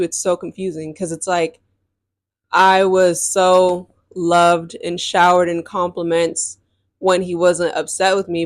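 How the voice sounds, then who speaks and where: Young woman, podcast host, lower voice, dead-dry sound, casual, emphatic, lots of likes and ums. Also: dry recording. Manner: casual and emphatic, heavy use of "like" and "um". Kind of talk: candid personal storytelling.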